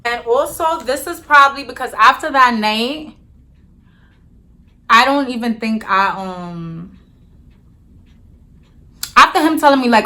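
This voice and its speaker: Young woman vlogger, slow unhurried delivery, bright tone, blunt and casual storytelling. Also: mid-range voice. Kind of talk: storytime vlog.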